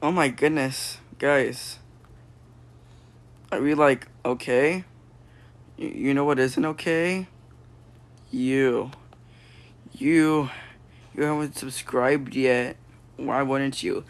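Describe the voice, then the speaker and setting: A man improvising a goofy VR puppet comedy, excitable and silly, breaking into sudden squeals. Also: medium pitch, slow pace, pauses often. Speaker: puppet show creator.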